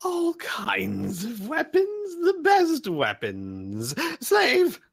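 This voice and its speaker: A man's voice: fairly high pitch, sing-song, measured pace, sharp tone, pitched above the performer's own voice, full character voice. A man voicing a pompous, tentacled alien merchant who fawns over customers and screeches at his slaves in a tabletop game. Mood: eager. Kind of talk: tabletop role-play voice.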